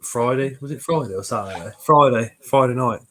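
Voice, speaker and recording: A man's voice: mid-range voice, a little fast. A man hosting a casual livestream, reading the chat aloud, swearing freely and fighting a cold. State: has a cold.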